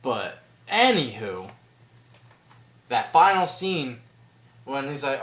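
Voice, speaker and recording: A young man talks movies with a co-host on a podcast, animated and loose with his swearing. His voice is bright and forceful, and the room around him sounds echoey. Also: medium pitch, slow pace, long pauses. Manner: animated, mimics film characters, swears. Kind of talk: casual chat about movies.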